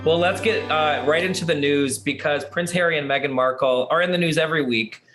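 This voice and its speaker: Hoarse, upbeat man hosting a show. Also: a little high, a little fast, a bit bright, faint music behind. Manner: upbeat, chatty presenting. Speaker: host. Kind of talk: hosting an entertainment news show.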